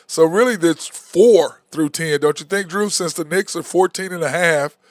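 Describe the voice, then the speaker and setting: Man, sports talk host, blunt, animated, slightly high voice, dry close sound. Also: normal speed, no room sound. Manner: blunt, animated, says "okay?" and "bro" a lot.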